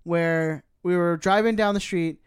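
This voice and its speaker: A man co-hosting a podcast, telling stories quickly with lots of fillers. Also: high voice, fairly even intonation, clean tone. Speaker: podcast co-host. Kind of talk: casual storytelling chat.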